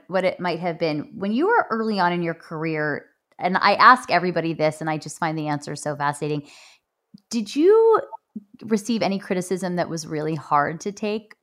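Curious woman host, lowish voice. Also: fairly bright tone. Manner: curious, affirming, thinks aloud with hedges. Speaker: interview host. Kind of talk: interview questions and chat.

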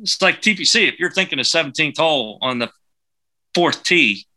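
A man's voice: on the high side, expressive, moderate pace, sharp tone. A man in a casual golf chat, easygoing and agreeable, giving advice and memories of a course.

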